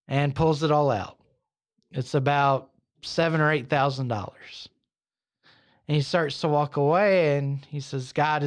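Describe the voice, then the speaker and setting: A man hosting a podcast, narrating a story in an unhurried, conversational way with casual asides. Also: fairly high pitch. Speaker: podcast host.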